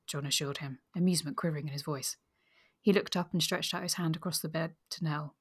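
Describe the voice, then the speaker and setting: Low husky woman on a book podcast, reads passages out loud, chatty. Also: steady tone, fast talker. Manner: reads novel excerpts aloud, chatty and amused. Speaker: podcast co-host. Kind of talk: casual book chat with read-aloud passages.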